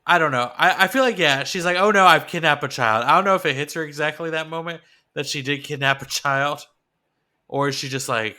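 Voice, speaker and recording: Male co-host, bright and slightly high, casual and musing, drifts off softly mid-thought. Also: fairly quick. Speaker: podcast co-host. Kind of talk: casual chat.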